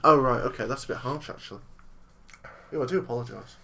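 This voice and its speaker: A man's voice: mid-range voice, fast talker, creaky, bright, forceful tone, slight background noise. A tired man in his thirties co-hosting a casual film-review podcast, rambling and teasing his co-host and laughing often. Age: 30s.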